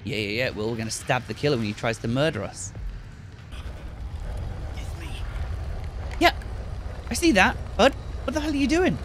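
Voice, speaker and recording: A man giving excited commentary on a horror game while playing, swearing often and switching between low mutters and sudden yells. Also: normal speed, long pauses, a little hiss or hum. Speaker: gaming video creator. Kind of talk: gameplay commentary. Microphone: gaming headset.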